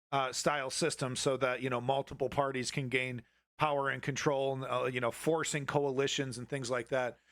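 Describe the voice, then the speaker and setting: A man's voice: fairly high pitch, a bit bright, no echo, studio quality. A man hosting a live political commentary stream, ranting heatedly and swearing at his chat.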